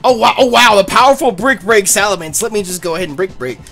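A young adult host narrating a let's play, loud and hyped, swearing often over the game. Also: medium pitch, fast talker. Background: faint game music.

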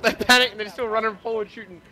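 A young man in casual gaming chat over a voice call, loud and swearing, laughing through banter with friends. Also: high voice, level tone, fast, noisy background.

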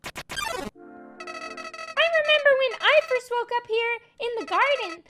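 Flowey, a creepy high flower boy, as a woman puts him on. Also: slow pace, bright, forceful tone, faint music behind, exaggerated voice. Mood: mournful. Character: creepy child flower spirit, boyish, eerily cheerful.

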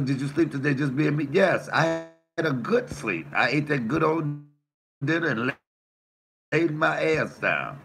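A man's voice: medium pitch, creaky, a bit bright, slight background noise. A man hosting his own livestream, cursing and confronting his chat with emphatic, repeated lines, then answering commenters. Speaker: YouTube livestream host. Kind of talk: heated livestream rant reading chat.

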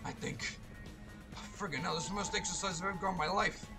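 A man commentating live on his gameplay, excitable and swearing, breaking into loud shouts and tossing out mock tough-guy mobster slang. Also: high-pitched, fast, music in the background. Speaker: let's play host.

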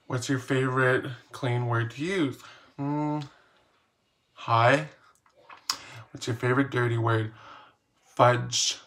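A man's voice: medium pitch, steady tone, slow, pauses often, a bit bright. A man casually reading questions aloud and answering them in a playful, slangy, self-mocking vlog. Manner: reads each question aloud, then answers. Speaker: vlogger.

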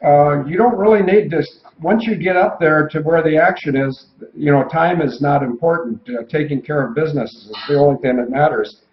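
A man's voice: a little high, a little fast, hardly any pauses, slight background noise. Older male co-host, anecdotal storyteller, roomy and dull-sounding recording. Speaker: retired military pilot and co-host. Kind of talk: casual storytelling chat.

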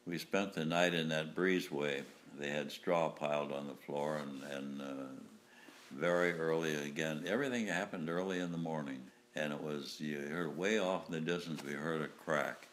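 An older man, a war veteran from the United States, recounting wartime memories in a halting way, with restarts and small chuckles. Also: extremely low pitch, steady tone, fairly bright tone. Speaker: WW2 veteran interviewee.

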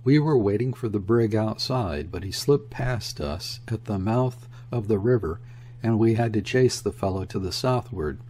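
A man's voice: on the low side, lively intonation, moderate pace, mellow, a little hiss or hum, close to an everyday voice. A man voicing a stern, curt naval lieutenant questioning a suspect. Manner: stern, clipped, interrogating.

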